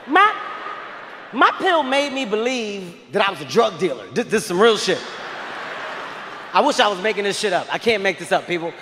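A male stand-up comedian telling a story to a large live crowd, animated and shouting in bursts. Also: sits high. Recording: live hall reverb, faint noise.

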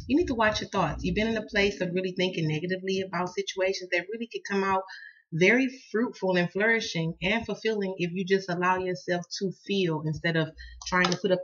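Southern American woman, chatty tarot reader, laughing and cussing, bright edge, dull home recording. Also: lowish voice. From Southern United States. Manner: laughs often, cusses, lively storyteller. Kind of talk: casual chatty tarot reading.

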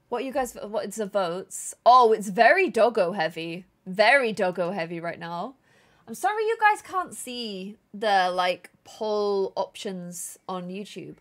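A woman's voice: mid-range voice, expressive, measured pace. A woman from England, chatting casually with viewers on a live gameplay stream and reading chat aloud.

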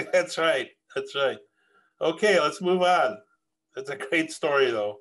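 A man's voice: fairly high pitch, animated, slow, fairly bright tone. A man hosting an interview, giving brief encouraging prompts and laughing along with his guest. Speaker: interviewer, host. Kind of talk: casual conversational interview.

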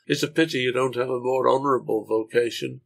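A man voicing a gentle, sad old father who speaks quietly and pleadingly. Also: mid-range voice, moderate pace, creaky, breathy edge. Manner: soft-spoken pleading.

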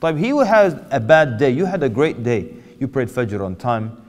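A man preaching an animated lecture to an audience, asking them questions and acting out quotes. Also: medium pitch, moderate pace. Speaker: Islamic preacher. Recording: hall reverb.

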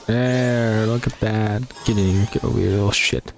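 A man's voice: on the low side, steady tone, normal speed, creaky. A man swearing and teasing his partner while playing a co-op game. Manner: swears a lot, teasing banter. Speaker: gamer playing co-op. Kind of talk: casual gameplay chat. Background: game music.

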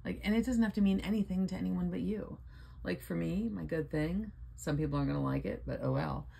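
A woman's voice: lowish voice, fairly quick, gravelly, mellow, husky. An older woman casually chatting and reading out numbers while scratching lottery tickets, playful and sleepy. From Florida. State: sleepy, yawning.

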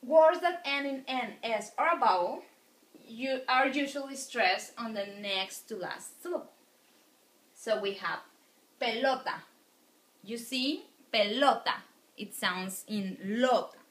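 A woman's voice: a little high, a little slow, fairly bright tone. A woman teaching a lecture, patiently repeating words for her students. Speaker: Spanish teacher. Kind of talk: recorded classroom lecture. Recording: echoey room.

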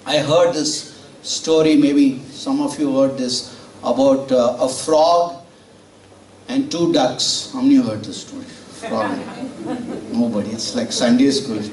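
A man's voice: mid-range voice, slow, a little mellow. A man preaching a sermon in a conversational way, telling stories and asking the congregation questions. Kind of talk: sermon with storytelling. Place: church sanctuary. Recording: roomy church audio from far off.

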